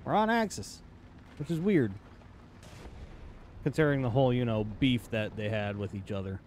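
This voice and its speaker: A man's voice: mid-range voice, moderate pace, a little mellow, slight background noise. A man giving casual gameplay commentary, joking and talking to enemy tanks in silly put-on voices. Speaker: gaming channel host.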